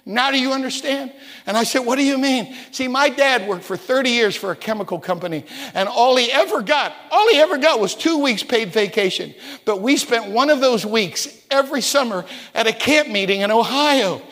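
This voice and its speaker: A man in his sixties from West Virginia preaching a sermon in a church, telling stories, stumbling over repeated words and rising to shouts. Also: very high-pitched, lively intonation, moderate pace. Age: 60s. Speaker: pastor. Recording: reverberant church hall.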